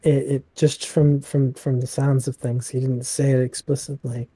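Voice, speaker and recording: A player at a tabletop role-playing game, speaking haltingly and repeating words. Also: medium pitch, little pitch movement, mellow, breathy edge, dry recording. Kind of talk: tabletop role-play chat.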